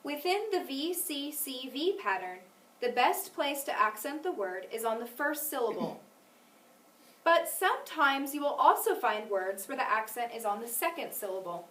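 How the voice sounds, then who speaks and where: A woman's voice: high-pitched, very animated, normal speed, a bit bright. A woman teaching a phonics lesson, asking questions and praising answers patiently. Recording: echoey room, mic at a distance.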